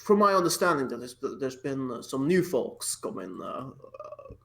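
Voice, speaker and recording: A man's voice: mid-range voice, very animated, normal speed, vocal fry, fairly bright tone. A man playing a tabletop game, talking casually and stumbling over his words. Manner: hesitant, stumbling over words, laughs often. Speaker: player.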